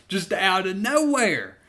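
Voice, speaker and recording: A young adult vlogger with a drawl, telling a story at an unhurried, drawn-out pace. The talk is loose and profane, full of fillers and easygoing asides, with the pitch sitting in a middle register. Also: fairly bright tone. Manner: profane, laid-back storytelling. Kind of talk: casual storytime.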